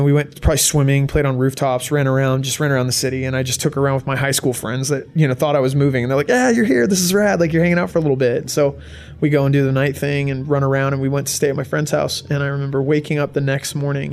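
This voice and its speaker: A young adult man giving a personal testimony to an audience, halting and emotional, with many restarts. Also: medium pitch, gravelly, a little mellow, a little hiss or hum. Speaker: guest speaker.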